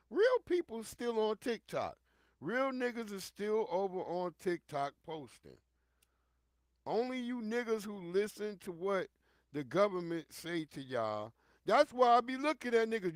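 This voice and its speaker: A man hosts a livestream, riffing bluntly and animatedly with plenty of profanity. His voice runs fairly high. The sound is dry and close, with no room around it. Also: no echo. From New York. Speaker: livestream host. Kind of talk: casual commentary.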